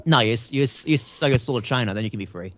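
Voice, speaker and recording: A man's voice: medium pitch, expressive, quick pace, a bit bright, muffled recording. A man co-hosting a podcast over a video call, cracking playful jokes in casual chat. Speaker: podcast co-host.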